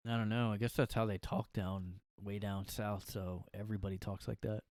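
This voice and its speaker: A man's voice: fairly low pitch, flat delivery, moderate pace, darkish tone, no room sound. Man, podcast host, jokey rambling monologue, dry close mic. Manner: jokey, rambling, many fillers. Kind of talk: casual comedic monologue. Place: his room.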